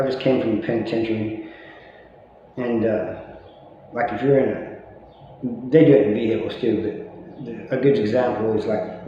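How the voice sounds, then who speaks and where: A man's voice: lowish voice, mellow. A middle-aged man casually telling stories, rambling and full of "you know" asides, chuckling at himself now and then. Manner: chuckles at his own stories. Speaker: vlogger talking about life after prison. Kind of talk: casual storytelling monologue. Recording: very echoey, dull lo-fi room sound with faint noise.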